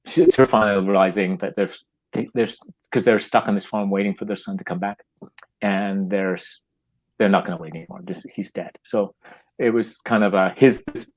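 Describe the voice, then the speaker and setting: A man with a fairly low voice talks as a guest playwright in a relaxed conversation. He tells his stories animatedly and slips into other people's lines. His speech often halts and doubles back on repeated words. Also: normal speed, low-quality recording. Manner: animated storytelling, acting out quoted lines. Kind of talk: casual chat.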